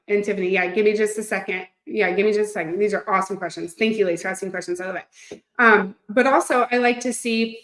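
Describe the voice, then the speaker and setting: A woman in her thirties, a fitness coach, talking to her live audience in a gushing, excitable, chatty way. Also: mid-range voice. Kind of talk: live-streamed coaching talk. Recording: echoey room.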